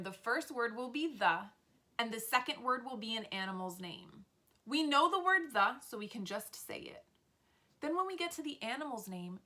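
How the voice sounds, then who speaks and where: A woman teaching an early reading lesson to preschoolers, speaking slowly and clearly with encouragement. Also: fairly high pitch, pushed and bright. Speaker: pre-k teacher.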